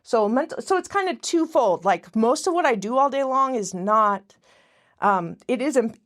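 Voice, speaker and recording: Her voice is a little high with lively intonation, at a normal speed. She's a woman guest chatting casually on a podcast, rambling and frequently cutting herself off to restart sentences midway.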